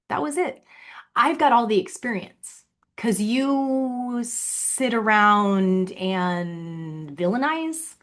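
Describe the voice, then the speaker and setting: A woman speaks straight into the camera in a solo vlog, her tone accusatory and sarcastic. She repeats her points and mocks the person she addresses. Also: mid-range voice. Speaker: vlogger. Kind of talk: direct-to-camera monologue.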